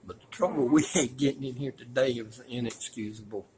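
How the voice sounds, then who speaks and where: A man narrating casually as he films his walk through a museum, rambling and folksy and quick to complain. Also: medium pitch, darkish tone, poor audio. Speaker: vlogger touring a museum. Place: indoor museum.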